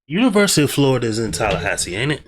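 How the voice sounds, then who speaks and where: Dude ranting over a clip, slangy, keeps saying bruh, mid pitch. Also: male voice, sing-song, very fast, slightly rough. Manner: slangy, teasing, says "bruh" often. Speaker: reaction video host. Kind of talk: casual reaction commentary.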